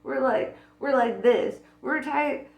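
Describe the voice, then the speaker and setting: A woman's voice: high-pitched, slow. A woman talking casually about spirituality, blunt and profane, laughing often. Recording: echoey room with faint music.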